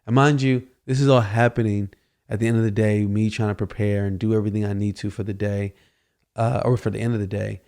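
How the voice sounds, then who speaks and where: A man with a fairly low, warm and mellow voice hosts a podcast. He tells a loose, casual story and keeps circling back with "you know" between his thoughts. His delivery is relaxed and conversational. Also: a little fast, clean tone. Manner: rambling, full of "you know" fillers. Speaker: podcast host.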